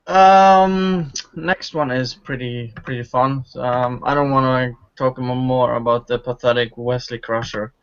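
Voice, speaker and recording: Halting male host on lo-fi voice chat. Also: medium pitch, steady tone. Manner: halting, many fillers. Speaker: stream host. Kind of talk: casual chat.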